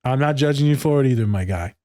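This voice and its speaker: A man's voice: mid-range voice, expressive, fast, mellow, no room sound. A man in casual podcast chat, loose and candid, swearing freely and acting out conversations. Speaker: podcast co-host.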